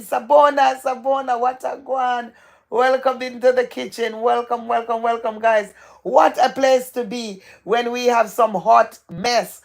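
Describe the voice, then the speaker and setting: Excitable woman host with a gravelly voice. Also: on the high side. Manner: excitable, repetitive, gossipy, laughs often. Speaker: livestream host. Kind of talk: live chat reading out viewer comments.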